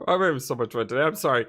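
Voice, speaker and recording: A let's play host commentating on a courtroom video game, excitable, giggly and gushing. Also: medium pitch. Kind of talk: gameplay commentary. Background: game music.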